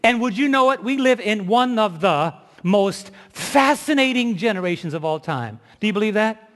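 A man's voice: sits high, lively intonation, moderate pace, long reverb tail. A man preaching a sermon, telling a story with emphasis and asking the audience questions.

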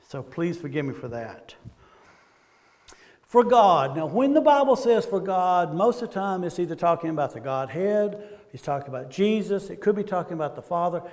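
A man's voice: high voice, a little mellow, long reverb tail. A man with a Southern American accent preaching a sermon in a church, talking conversationally and asking the congregation questions.

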